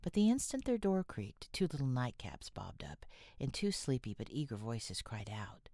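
A woman's voice: extremely low pitch, very animated, moderate pace, dark tone, no room sound, clean studio sound. A woman narrating a classic novel as an audiobook, reading expressively and often dropping into a whisper. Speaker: audiobook reader.

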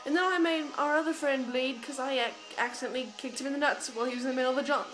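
A woman's voice: sits high, fairly even intonation, racing, music in the background. A girl in her teens, chatting casually and bluntly, swearing and putting on a mock British accent. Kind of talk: casual chat to camera. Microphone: phone camera.

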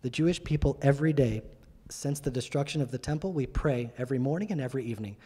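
Middle-aged man, emphatic sermon storytelling, husky voice, long church-hall reverb. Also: mid-range voice, fast, warm tone. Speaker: guest speaker. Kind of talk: sermon-style testimony.

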